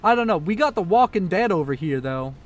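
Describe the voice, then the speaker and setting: A young man casting a strategy video game, excitable and joking, swearing freely as he reacts to the action. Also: high-pitched, brisk. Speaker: game caster. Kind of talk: casual profane game commentary.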